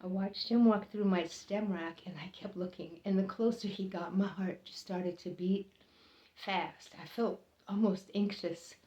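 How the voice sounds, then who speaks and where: A woman's voice: fairly even intonation, warm tone. Earnest woman telling a true story. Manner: earnest, halting, emotional, voices others' lines higher. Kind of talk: personal testimony storytelling. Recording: roomy, slightly dull recording.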